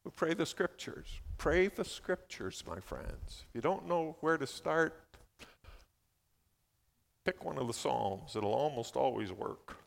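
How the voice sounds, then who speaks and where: A man preaching a sermon as a pastor, moving from steady teaching into fervent spoken prayer. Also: fairly high pitch, slow pace, vocal fry. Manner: builds to near-shouting fervent prayer. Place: church hall. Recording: long hall reverb.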